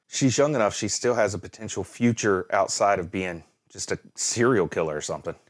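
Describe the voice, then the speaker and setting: A man hosting an anime reaction, chatting casually, exclaiming and laughing at the screen, then musing aloud. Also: medium pitch. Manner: muses aloud, thinking things through.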